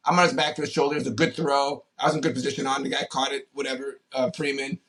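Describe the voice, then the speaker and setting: A man in his fifties, a former pro football player, telling animated anecdotes in a casual interview, with many fillers and restarts. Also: medium pitch, fast talker.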